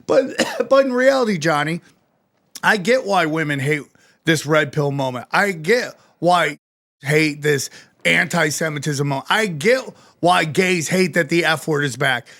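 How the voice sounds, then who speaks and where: A man with a notably high voice hosts a casual podcast, ranting with animated, profane energy. He keeps acting out both sides of imagined exchanges. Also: unhurried. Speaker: podcast host.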